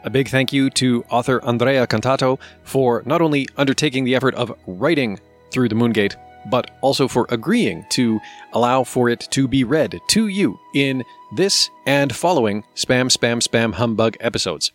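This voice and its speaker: A man reading a nonfiction book aloud as podcast host, in steady, measured scripted narration. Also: mid-range voice, faint music behind.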